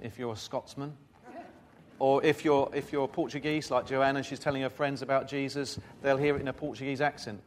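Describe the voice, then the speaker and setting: A man preaching a sermon in a fairly high voice. He reads scripture aloud and keeps stepping out of it for relaxed, conversational asides to the congregation. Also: slight background noise.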